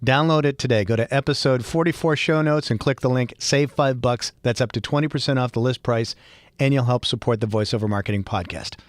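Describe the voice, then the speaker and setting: A man's voice: mid-range voice, fairly quick, dry recording, studio quality. A middle-aged man with a Boston accent, hosting a podcast and telling a personal story in a chatty, laughing way. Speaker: podcast host. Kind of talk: casual podcast monologue.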